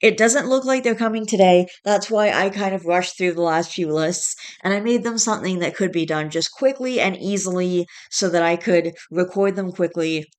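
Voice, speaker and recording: A woman's voice: on the low side, moderate pace, hardly any pauses, clean tone. A woman vlogging in a casual chat, stressed and tired, fighting back yawns and restarting her sentences as she rambles.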